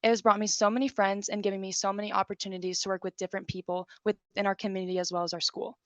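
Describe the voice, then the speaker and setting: Fast-paced student reading a speech. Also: female voice, medium pitch, dry recording. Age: teens. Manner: steady, recited delivery. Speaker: student government officer. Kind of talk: prepared speech read aloud.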